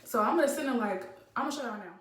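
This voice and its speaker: A woman's voice: fairly high pitch, rapid-fire. Young woman telling a story, roomy phone sound. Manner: animated, slangy storytelling with many fillers. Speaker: vlogger. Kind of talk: casual storytime vlog. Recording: roomy, slightly distant phone mic.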